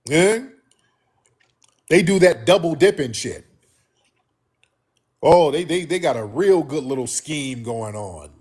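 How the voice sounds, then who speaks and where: A male call-in host with a slightly husky, fairly high voice. He swings his pitch all over the place, preaching and mocking, and jumps into high squeaky voices to act out what other people say. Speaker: radio show host taking callers. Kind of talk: animated call-in talk.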